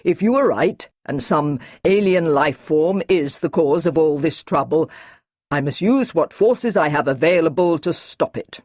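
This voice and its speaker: A woman's voice: deep voice, expressive, a little slow, darkish tone, dry recording, clean studio sound. A woman reading an audiobook, voicing a stern male army brigadier who talks in a firm, clipped, commanding way.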